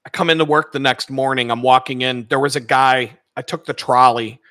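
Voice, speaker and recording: Animated, profane storytelling man. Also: medium pitch, brisk, no room sound. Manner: animated, profane, acts out the people he quotes. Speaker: channel host telling a personal story. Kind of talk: casual storytelling.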